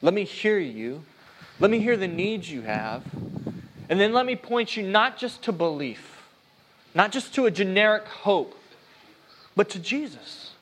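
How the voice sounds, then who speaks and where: A man's voice: high-pitched, very animated, unhurried, pauses often, fairly bright tone, a little hiss or hum. A man preaching a sermon as pastor, earnest and conversational, often restarting his sentences. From United States.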